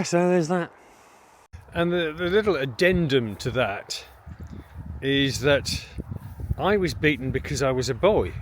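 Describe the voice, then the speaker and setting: A middle-aged man speaking in a personal vlog monologue, candid and self-reflective with a halting delivery. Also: mid-range voice, slight background noise. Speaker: vlogger.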